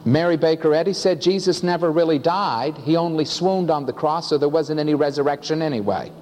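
A man's voice: a little high, fairly quick, darkish tone, slight background noise. A man preaching a sermon, telling a story with acted-out dialogue and pressing rhetorical questions. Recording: long hall reverb.

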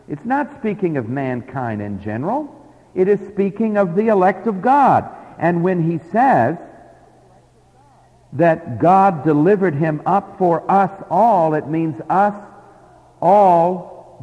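A man's voice: a little high, darkish tone. A man preaching an expository sermon, leaning hard on key words and putting rhetorical questions to the congregation. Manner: emphatic, drawn-out stress on key words. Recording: dull lo-fi sermon recording in a reverberant hall.

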